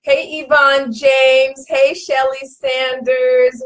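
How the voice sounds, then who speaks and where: A woman with a high voice hosts a livestream and talks in a slow, unhurried way. She is effusive and welcoming, greets her viewers one by one and repeats her words warmly. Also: fairly even intonation, a little hiss or hum. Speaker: host of a live online broadcast. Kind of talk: live-stream talk to viewers.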